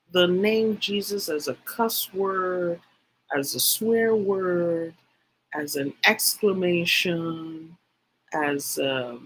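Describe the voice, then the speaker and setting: A woman teaching spiritual matters on a livestream, in an unhurried, deliberate delivery. Her voice has a husky, slightly breathy grain. She leans hard on key points, repeats her phrases for weight and breaks off to address the viewers typing in her chat. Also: medium pitch, a bit bright, rough recording. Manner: emphatic, repeats phrases for stress; speaks directly to live chat viewers.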